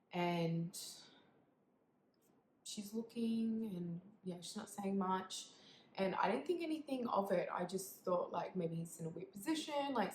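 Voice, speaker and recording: A young woman tells a painful personal story to camera, halting and emotional, with many fillers and quiet, whispered moments. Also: on the low side. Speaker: vlogger. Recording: echoey room with faint background noise.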